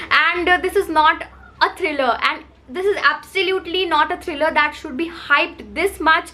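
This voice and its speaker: A woman's voice: extremely high pitch, moderate pace, bright, forceful tone. A woman reviewing a book to camera, talking in a heated, emphatic rant full of repetition.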